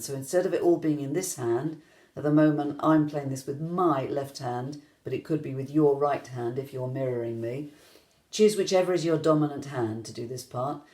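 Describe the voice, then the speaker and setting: A woman teaching an online rhythm lesson, gentle and encouraging, singing out the beats as she counts them. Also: low-pitched. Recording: echoey room.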